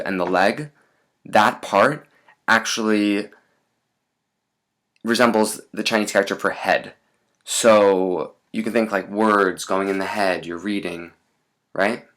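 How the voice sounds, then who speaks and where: A man teaching a lesson in a relaxed, chatty way, with many fillers and asides. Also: on the low side.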